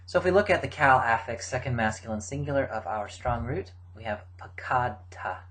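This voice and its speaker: A middle-aged man giving a recorded grammar lecture, explaining forms in a measured way with frequent fillers. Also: medium pitch, animated, fairly bright tone, rough recording. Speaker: Biblical Hebrew teacher.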